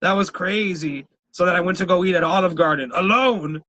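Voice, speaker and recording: Here a man co-hosting a podcast talks fairly fast in a high register, an animated teller of outrageous tales who swears often and keeps breaking into laughter. The recording sounds dull.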